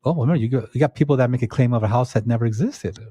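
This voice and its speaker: A man's voice: medium pitch, racing, dark tone, breathy edge, no echo. A man speaking as a visiting disaster agency official in a casual radio interview, explaining things step by step and giving practical advice. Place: radio studio.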